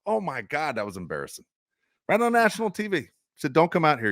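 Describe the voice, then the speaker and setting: Guy venting on a sports podcast, pitch swings up and down a lot, dry close mic. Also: fast, no echo. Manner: exasperated, ranting, animated. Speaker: podcast co-host. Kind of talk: casual sports chat.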